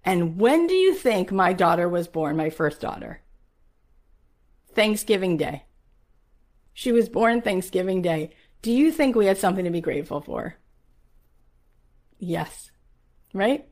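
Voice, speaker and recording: A woman's voice: mid-range voice, big pitch swings, unhurried, long pauses, a little mellow. A woman in her forties hosting a podcast, telling a personal story in an emphatic, motivational way and asking rhetorical questions. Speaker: podcast host.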